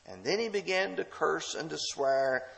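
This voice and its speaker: Preacher man, booming hall reverb. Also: big pitch swings, vocal fry. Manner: swings from loud emphatic reading to hushed, slow asides. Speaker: pastor. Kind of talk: sermon. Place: church sanctuary.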